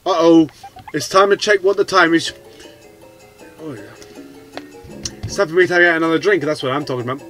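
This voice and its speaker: A man's voice: on the high side, brisk, long pauses, faint music behind, poor audio. A man hosting a gaming channel, doing goofy, rambling let's play commentary. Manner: goofy, excitable, rambling with restarts.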